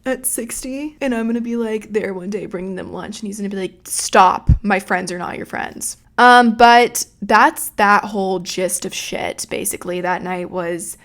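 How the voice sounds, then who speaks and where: A woman's voice: medium pitch, moderate pace, few pauses, fairly bright tone. A young woman in her early twenties hosting a casual storytelling podcast, talking in a chatty, profane way. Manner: chatty and profane, retelling a night out. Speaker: podcast host.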